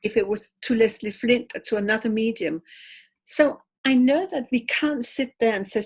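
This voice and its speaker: A middle-aged woman, a medium, telling lively anecdotes in a casual interview and laughing often. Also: on the high side, moderate pace, slightly rough. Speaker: medium, guest.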